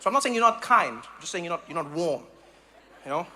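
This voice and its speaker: A man from South Africa doing stand-up comedy, animated and acting out voices and sounds. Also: a little high, fast talker, a little hiss or hum. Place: live comedy venue.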